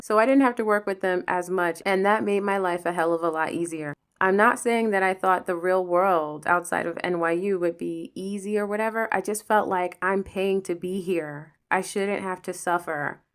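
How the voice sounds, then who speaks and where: A woman from Pennsylvania hosting a podcast, telling personal stories in a casual, animated way, swearing freely and acting out the people involved. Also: medium pitch, clean tone. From Pennsylvania, USA. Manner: animated, profane, acts out the people in her stories. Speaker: podcast host. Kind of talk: casual storytelling monologue.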